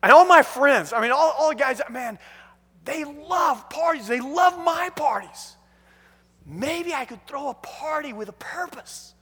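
A man's voice: extremely high pitch, expressive, measured pace, bright, forceful tone, in a large hall, full character voice. A man voicing an eager grown man who plans a party, talking breathlessly and enthusiastically as he thinks aloud. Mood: excited.

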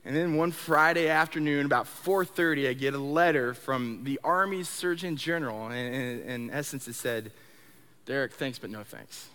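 A man giving a sermon testimony in a conversational way, stumbling over repeated words and swinging between soft low stretches and loud excited bursts. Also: moderate pace, smooth. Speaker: speaker sharing his testimony. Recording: long hall reverb.

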